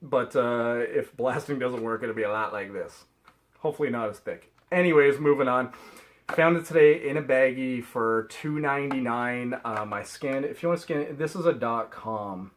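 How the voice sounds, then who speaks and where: A man's voice: mid-range voice, moderate pace, low-quality recording. A middle-aged man from Canada, rambling chattily through a haul vlog and laughing at himself. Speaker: reseller vlogger.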